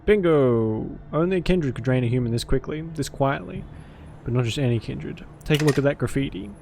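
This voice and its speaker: A man's voice: mid-range voice, lively intonation, fairly quick, creaky, a little mellow, a little hiss or hum. A man voicing a cynical, streetwise male vampire detective with a gritty, hard-boiled drawl. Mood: gruff. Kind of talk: visual novel voice acting.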